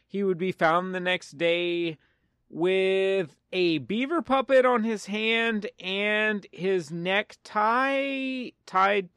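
Guy on a podcast slowly rambling through a movie plot, clear dry voice, kinda high. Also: a bit bright, no room sound. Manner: rambling, self-mocking plot summary. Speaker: podcast co-host. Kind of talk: casual movie-recap chat.

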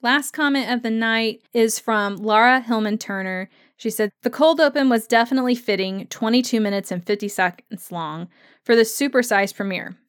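A chatty woman hosts a podcast, reading listener comments and giving her own take in an easy, conversational way. She laughs often and slips into quick voices to act out moments. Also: fairly high pitch, smooth. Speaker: podcast host.

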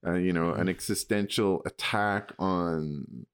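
Low-voiced man in casual podcast chat. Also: takes it slowly, smooth. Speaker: podcast co-host.

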